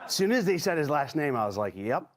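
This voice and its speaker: A man's voice: on the high side, very animated, fast, very noisy. A man as a guest on a panel show, cracking jokes in a casual way. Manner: wisecracking. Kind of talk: joking panel discussion.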